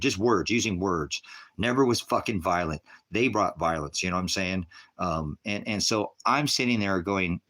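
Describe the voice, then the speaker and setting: A man's voice: low voice, a bit bright. A middle-aged man, a veteran, commenting on his own livestream footage in a rambling, profane and intense way. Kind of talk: emotional video commentary.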